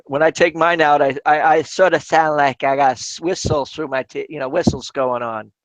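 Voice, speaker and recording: Halting man hosting a crafting stream. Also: a little high, fairly even intonation, no echo, rough recording. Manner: halting, with frequent restarts and repeated words. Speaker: crafting channel host. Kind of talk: casual live-stream chat while crafting.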